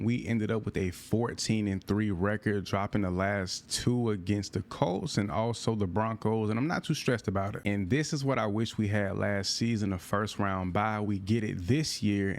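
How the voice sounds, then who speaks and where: A man giving casual, slangy gameplay commentary, reacting loudly to plays, his voice going in and out. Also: lowish voice. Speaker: gaming YouTuber.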